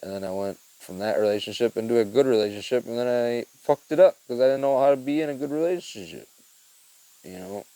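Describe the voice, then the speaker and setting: A man's voice: mid-range voice, fairly quick, mellow, clean tone, no echo, poor audio. A young man hosting his own podcast, talking in a rambling, profane, heartfelt way with lots of fillers. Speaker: podcast host. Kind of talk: casual monologue.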